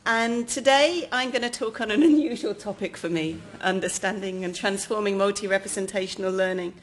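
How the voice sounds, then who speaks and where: Brisk English woman giving a lecture. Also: mid-range voice. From England. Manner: lively, jokey, addresses the audience directly. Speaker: keynote lecturer. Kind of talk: academic keynote lecture. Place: lecture hall.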